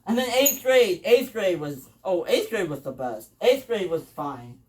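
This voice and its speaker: A storyteller spins rambling, profane tales in a casual way, repeating phrases and calling the listener "bro." The voice is mid-range with big pitch swings and a slightly slow pace, and it sounds a bit distant from the mic.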